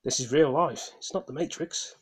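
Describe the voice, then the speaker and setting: His voice a little high and husky, a gaming vlogger rants casually at a moderate pace. He sounds tired and heated, swearing, stumbling over restarts and apologizing to viewers as he rambles.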